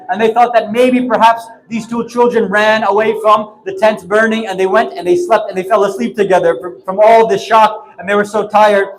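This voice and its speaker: A man's voice: sits high, slight background noise, poor audio. A man giving a mourning sermon, telling the story through tears, impassioned and sobbing. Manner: tearful, impassioned storytelling, breaking into sobs. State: crying. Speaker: preacher.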